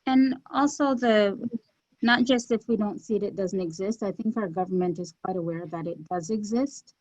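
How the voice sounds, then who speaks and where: A woman who runs a community health center answers interview questions in an earnest, measured way, pausing often with fillers. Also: medium pitch, a little mellow, no room sound, lo-fi sound. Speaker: executive director of a community health center, guest.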